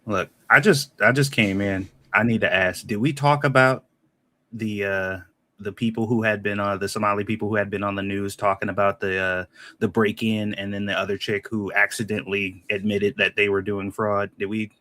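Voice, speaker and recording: A man telling stories in a casual talk show, profane and incredulous, animated as he retells. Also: lowish voice, normal speed. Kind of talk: casual chat, storytelling.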